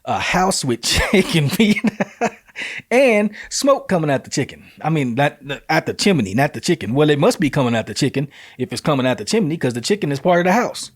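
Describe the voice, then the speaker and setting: A man's voice: fairly high pitch, big pitch swings, a little fast, dry recording, studio quality. Laid-back man reading out local events. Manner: laid-back, joking asides, reads flyers aloud with slips and corrections. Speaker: host. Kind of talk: casual community-events rundown.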